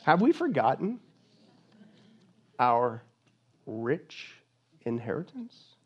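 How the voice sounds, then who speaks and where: A male pastor preaching a sermon in a lively, joking manner, swinging from loud to hushed. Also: mid-range voice, slow pace, slightly rough, dull audio.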